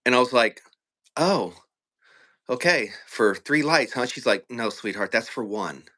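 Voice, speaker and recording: A middle-aged man chats on a live stream in a bright, tense voice. He swears freely and laughs as he spins his story, animated and loose. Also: medium pitch, a little slow. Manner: profane, animated, laughs often. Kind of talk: casual storytelling.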